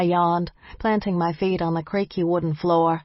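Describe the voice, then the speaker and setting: A woman giving a measured, wry first-person narration of an audiobook. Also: lowish voice, steady tone, no room sound, dull audio.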